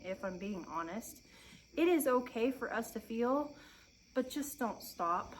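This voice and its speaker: A woman in her thirties sits outside on her farm and talks openly to her viewers. She is emotional and close to tears, but stays earnest and encouraging, pausing and starting over as she goes. Crickets and insects sound faintly in the background. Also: on the high side, animated, low-quality recording. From Oregon. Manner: earnest, encouraging, pauses and restarts often. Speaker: homestead vlogger. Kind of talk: heartfelt sit-down chat to camera. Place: outdoors on a farm. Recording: faint outdoor insect noise.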